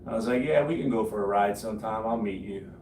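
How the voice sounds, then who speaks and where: A man's voice: fairly low pitch, fast, darkish tone, far from the mic. A man in his late forties boasting casually about his cycling, swearing freely and laughing at his own stories. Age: 40s. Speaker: home gym streamer. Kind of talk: casual storytelling chat. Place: home gym. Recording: echoey room, from the mic, faint noise.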